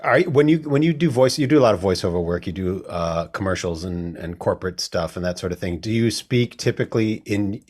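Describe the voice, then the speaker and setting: A man's voice: deep voice, animated, brisk, hardly any pauses, darkish tone. A man hosting an interview, asking rambling questions and laughing easily. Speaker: host. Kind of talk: casual interview chat.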